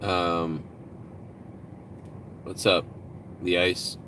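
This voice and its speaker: Brief: male streamer, bright and forceful, slightly low voice, rambling and profane, outdoors with faint traffic behind. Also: little pitch movement, extremely slow. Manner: rambling, profane, reads out donations. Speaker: live-stream host. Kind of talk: casual live-stream chat.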